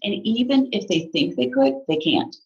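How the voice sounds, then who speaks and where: A middle-aged woman psychotherapist talking as a podcast guest in casual chat, animated and laughing often. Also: fairly low pitch, normal speed, lo-fi sound. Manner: animated, laughs often, acts out inner voices.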